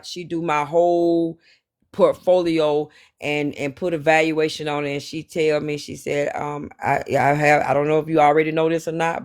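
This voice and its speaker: Man in his 40s, slangy lively storyteller, slightly high voice. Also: creaky, clean tone. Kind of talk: casual chat.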